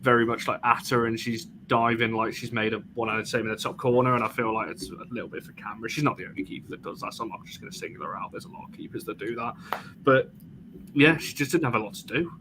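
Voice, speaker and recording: A man's voice: mid-range voice, noisy background. A man hosting a fan panel in chatty casual talk, often restarting his phrases. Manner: chatty, halting, frequent restarts. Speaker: host. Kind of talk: casual chat.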